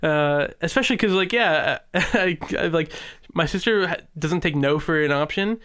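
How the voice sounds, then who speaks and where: A man's voice: a little high, normal speed, fairly bright tone, smooth. A young man co-hosting a podcast, telling long rambling stories full of fillers and acted-out quotes. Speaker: podcast co-host. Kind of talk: casual chat.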